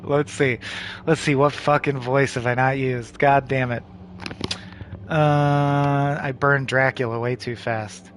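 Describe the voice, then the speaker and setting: A man's voice: medium pitch, steady tone, slow pace, fairly bright tone, a little hiss or hum. A man playing a video game aloud, reading its text in casual, profane asides. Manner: casual, profane asides between read-outs. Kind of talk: game playthrough with narration.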